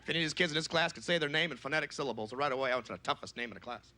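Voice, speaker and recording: A man doing a brash stand-up comedy set on a club stage, shouting high-pitched voices for his punchlines. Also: racing. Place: comedy club stage before a live audience.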